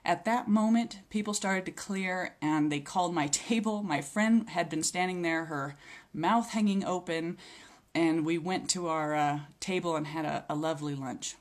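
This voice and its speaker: A woman with a fairly low voice, speaking at a normal pace, shares a testimony of healing and faith. She tells her story earnestly and thoughtfully, with small hesitations along the way.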